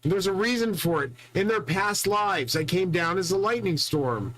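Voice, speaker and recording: A man's voice: sits high, expressive, normal speed, fairly bright tone, rough recording. A man hosting his own channel, talking in a boastful, profane, rambling solo monologue full of restarts. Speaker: channel host.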